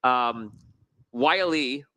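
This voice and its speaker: Bright-voiced man running a tabletop game. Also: mid-range voice, takes it slowly, no echo. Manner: rambling, self-correcting, good-humored. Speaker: game master.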